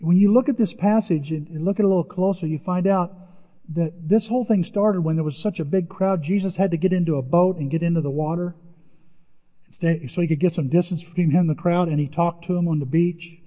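An older man with a rather high voice preaches in an animated way and leaps up in pitch whenever he acts out a quoted line. The sound is muffled and lo-fi, and a long hall reverb trails after each phrase. He comes across as a pastor speaking from the front of a church. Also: brisk. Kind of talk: sermon.

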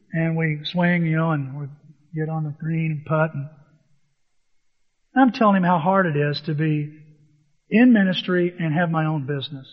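A male pastor preaching a sermon, telling stories in an animated way and acting out the dialogue. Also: a little high. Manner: animated storytelling, acts out dialogue. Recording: dull, long reverb in a hall.

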